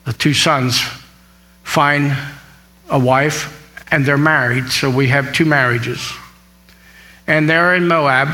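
A man's voice: mid-range voice, steady tone, slow, pauses often, bright, forceful tone, low-quality recording. A man preaching a sermon, reading scripture aloud and retelling it, asking his listeners questions. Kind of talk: sermon, Bible teaching.

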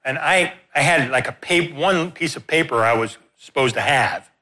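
A man preaching in a sermon, telling a story in an animated, self-deprecating way. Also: medium pitch, normal speed.

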